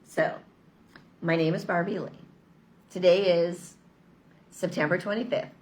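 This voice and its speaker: A woman's voice: fairly low pitch, steady tone, a little slow, a little mellow, slight background noise. A woman talking in a casual motivational vlog, chatty, upbeat and persuasive. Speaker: vlogger. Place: lives in Mexico.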